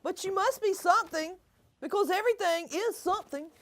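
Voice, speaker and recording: A woman's voice: extremely high pitch, a little fast, pitched above the performer's own voice. A woman voicing a friendly, cheerful male frog in a children's picture book, with a bouncy, chatty way of talking.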